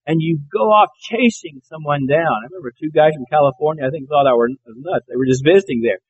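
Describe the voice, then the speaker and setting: A man's voice: fairly high pitch, fairly quick, hardly any pauses, husky, dull audio. A man from Alabama preaching a sermon, telling folksy, anecdotal stories. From Alabama, USA.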